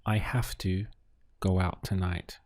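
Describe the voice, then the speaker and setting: Slow, low-voiced male language teacher. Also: flat delivery, a little mellow, no echo. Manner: slow, deliberate, models Spanish phrases. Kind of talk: scripted lesson narration.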